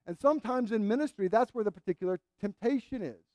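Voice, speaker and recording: A man's voice: high voice, animated, fast, warm tone, dry recording. A man preaching a sermon in an earnest, emphatic way, repeating phrases to drive points home.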